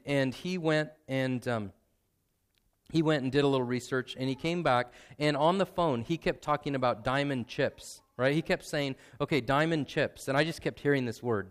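A middle-aged man telling a story in an earnest, conversational sermon. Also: mid-range voice. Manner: earnest, conversational, with restarts and asides. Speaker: preacher.

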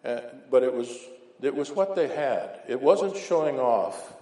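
A man's voice: medium pitch, very animated, a little slow, warm tone. A man preaching an informal, folksy sermon with homespun anecdotes, often checking in with "right?". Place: church hall. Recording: echoey hall recording.

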